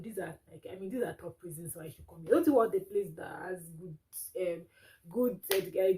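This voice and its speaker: A woman's voice: medium pitch, mellow, slight background noise, poor audio. A young woman from Nigeria with a Nigerian accent, chatting casually to camera as a vlogger, laughing often as she talks.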